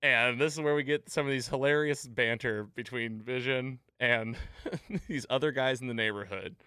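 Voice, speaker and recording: Smooth-voiced man recapping an episode. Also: medium pitch, moderate pace, no echo, studio quality. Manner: animated retelling, laughs at the jokes. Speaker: podcast host. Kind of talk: casual episode recap chat.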